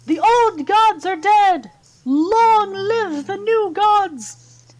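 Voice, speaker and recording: A woman's voice: very high-pitched, lively intonation, very slow, pitched above the performer's own voice, heavily acted. A woman voicing a zealous young man crying out like a town crier in a fantasy game. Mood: fervent. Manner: loud proclaiming call. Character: young male street crier, zealous, shouting.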